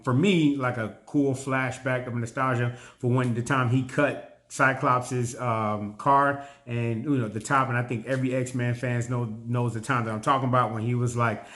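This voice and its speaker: A man's voice: mid-range voice, a bit bright. A man giving a casual spoken review, animatedly retelling scenes with slang and frequent restarts. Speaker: TV show reviewer.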